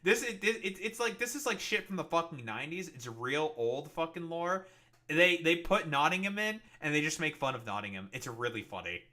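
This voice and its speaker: A man's voice: a little high, very animated, bright, forceful tone. A man streaming, reacting to a video in rambling, profane, sarcastic casual commentary. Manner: halting, with many fillers and restarts.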